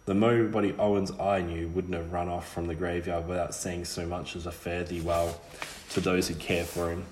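A man voicing a sharp-tongued ghostly witch girl in an audiobook reading. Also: low-pitched, little pitch movement, moderate pace, echoey room, close to an everyday voice. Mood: scolding.

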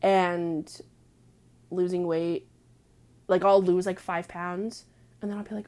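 A young woman venting in a casual vlog, blunt and crude, with lots of "like" fillers and the odd hushed aside. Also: on the low side, fairly even intonation, normal speed. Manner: drops to hushed asides now and then. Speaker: vlogger. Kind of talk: casual profane venting monologue.

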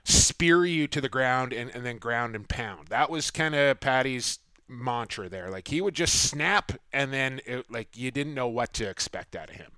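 A man's voice: mid-range voice, expressive, normal speed, few pauses, bright, forceful tone, clean tone, dry recording. Man, middle-aged, sports podcast host, upbeat banter, resonant, dry close sound. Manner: upbeat, punchy segment intros.

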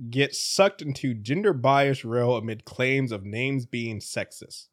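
A man's voice: medium pitch, a little slow. A man co-hosting a casual news-chat podcast, rambling and laughing often as he restarts his sentences. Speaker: podcast co-host.

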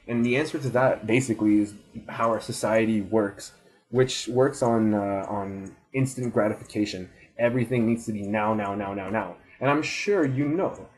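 A man's voice: fairly low pitch, darkish tone, poor audio. Swearing young man giving pep talk. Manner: swearing, rambling, emphatic. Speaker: student giving advice. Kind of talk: casual motivational monologue.

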